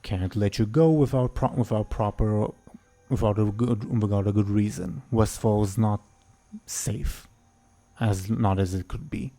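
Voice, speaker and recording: A man's voice: on the low side, a little slow, vocal fry, warm tone. A man voicing a nervous, suspicious male town guardsman in a tabletop game, stammering with rustic grammar. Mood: tense.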